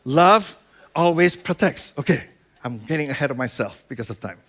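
A man's voice: a little high, expressive, normal speed, a bit bright. A man preaching a sermon in a conversational way, checking in with "right?" and acting out quoted voices. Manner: conversational preaching with frequent "right?" and "you know". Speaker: pastor.

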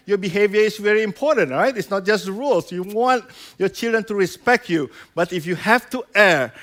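Male pastor, high-pitched, chatty sermon delivery with acted-out quotes. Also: a bit bright. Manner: conversational preaching with frequent "right?" and "you know"; acts out quoted voices.

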